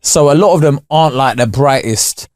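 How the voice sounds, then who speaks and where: A man, co-hosting a podcast in animated, slangy, sweary banter. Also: medium pitch, moderate pace, no room sound, clean studio sound. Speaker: podcast co-host. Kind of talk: casual banter.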